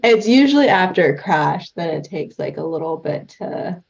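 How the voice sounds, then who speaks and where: A young woman talks through her animation setup in a loose, chatty way, full of fillers and quick laughs. Her voice sits a little low and comes over a dull, lo-fi call line. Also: animated, gravelly, a little mellow, slight background noise. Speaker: guest creator demonstrating animation software. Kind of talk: casual livestream chat. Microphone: video call.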